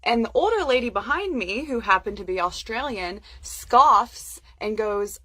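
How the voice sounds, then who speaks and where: A woman's voice: fairly high pitch, animated, unhurried, few pauses, a bit bright. A woman telling a story to camera in an amused, casual way.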